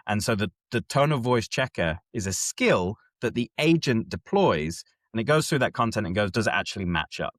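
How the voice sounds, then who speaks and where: A man's voice: on the low side, moderate pace, hardly any pauses, dry recording. A man hosting a casual chat, explaining step by step and often checking that his co-host is following. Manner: animated, keeps checking in with listener.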